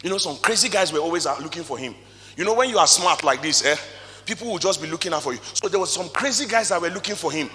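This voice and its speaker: A man with a Nigerian accent giving an animated motivational talk to a live audience, firing rhetorical questions and swinging between loud and soft. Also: fairly high pitch, fast talker. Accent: Nigerian English. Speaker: motivational speaker. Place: stage in a hall before an audience. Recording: long reverb of a large hall.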